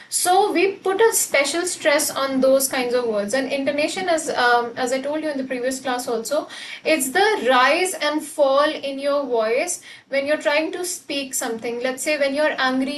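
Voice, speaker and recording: A woman's voice: sits high, recorded from a distance, a little hiss or hum, rough recording. A woman tutor giving a live online English speaking lesson, explaining at length with fillers and restarts. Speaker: IELTS tutor.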